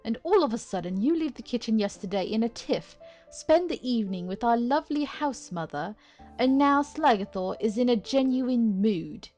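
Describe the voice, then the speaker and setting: A woman voicing a sly, cruel male monster illusionist who talks down to others in a slow, mocking drawl while reading game dialogue aloud. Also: a little high, lively intonation, dark tone, soft background music, natural voice. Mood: scolding. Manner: drawling, condescending teasing.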